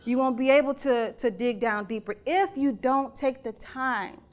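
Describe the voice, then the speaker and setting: This keynote speaker is a woman whose high voice moves at normal speed. She's chatty and earnest, often pausing to ask the audience questions.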